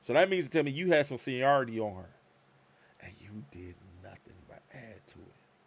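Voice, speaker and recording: Animated man telling a story on a live stream. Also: mid-range voice, moderate pace. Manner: animated, acts out both sides of conversations. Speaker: show host.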